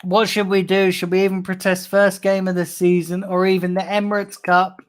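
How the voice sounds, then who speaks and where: A man's voice: high voice, flat delivery, moderate pace. Angry, swearing man ranting. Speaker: fan channel host. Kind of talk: livestream rant reading chat.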